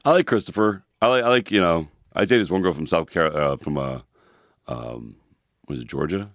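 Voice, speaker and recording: A man co-hosting a casual advice chat show, lively and swearing a lot as he talks about his own life. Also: sits low, a little fast, dry recording, clean studio sound. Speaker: podcast co-host, personal trainer.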